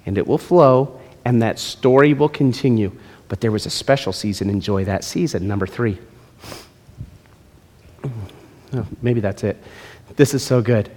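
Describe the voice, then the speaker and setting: A man's voice: mid-range voice, a little slow, long pauses, darkish tone. A male pastor preaching a sermon in a church, with emphatic delivery and playful asides. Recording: long hall reverb.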